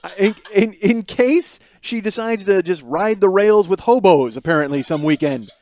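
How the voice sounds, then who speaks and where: A man's voice: sits high, moderate pace. A man hosting a podcast, telling a comic story about his home life, swearing often and acting out what was said. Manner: animated, exasperated, swearing, acts out quotes. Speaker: podcast host.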